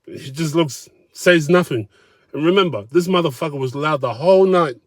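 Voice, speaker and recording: A man's voice: fairly high pitch, moderate pace, no room sound. A man telling a casual, profane story in a blunt, conversational way.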